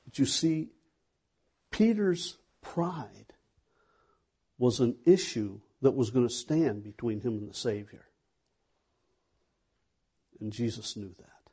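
A man's voice: medium pitch, slow pace, long pauses, mellow, husky. A man preaching a sermon in a conversational way, asking the listeners questions. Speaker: pastor.

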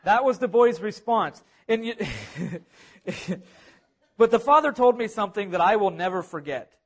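Speaking to his congregation, a pastor delivers an earnest sermon, building emphasis by repeating key phrases with mounting force. His voice is notably high for a man, expressive and unhurried.

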